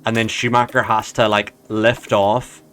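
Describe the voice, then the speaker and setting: A man streaming a racing management game, commenting in a frantic, pleading way that swings from hushed to yelling. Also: on the low side, level tone, a little slow. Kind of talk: excited live gameplay commentary.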